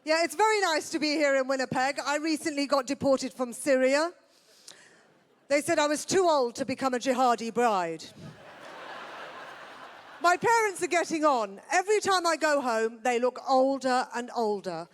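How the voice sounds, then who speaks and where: A woman from Britain, doing a dry deadpan stand-up routine on a festival stage. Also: high-pitched, normal speed. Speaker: stand-up comedian.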